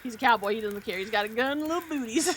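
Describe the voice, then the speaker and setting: A woman's voice: a little high, quick pace, fairly bright tone, a little hiss or hum. A woman streaming a survival game, talking casually, joking and swearing freely. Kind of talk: casual gameplay commentary.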